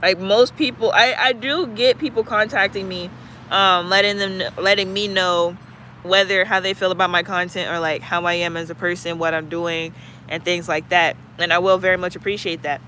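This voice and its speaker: A man's voice: sits high, steady tone, moderate pace, bright, forceful tone, a little hiss or hum. A man hosting his own channel, talking in a loose, musing way with lots of "like" fillers. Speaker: channel host. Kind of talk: casual reflective chat.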